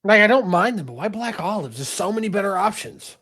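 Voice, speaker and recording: A man's voice: high-pitched, animated, fast, sharp tone, slightly rough. A man from the American South, a guest in a casual podcast chat, giving blunt, emphatic opinions and swearing freely.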